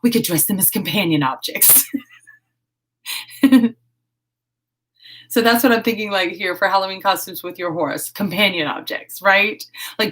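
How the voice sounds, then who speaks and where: A woman hosting a casual live stream while crafting. She chats, giggles and thinks out loud. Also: medium pitch. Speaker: host of a horse-themed channel.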